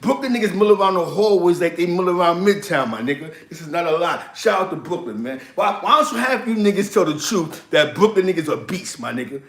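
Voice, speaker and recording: A man's voice: high voice, brisk, few pauses, echoey room. A man with a New York accent telling stories in a casual, slangy way, often breaking into laughter. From East Harlem, New York. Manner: laughing, slangy, animated storytelling. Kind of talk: casual storytelling.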